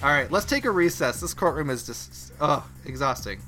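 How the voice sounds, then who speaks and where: A man's voice: a little high, lively intonation, moderate pace, sharp tone, soft background music. A man with an Australian accent hosting a podcast, rambling earnestly in casual comedy chat. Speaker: podcast host.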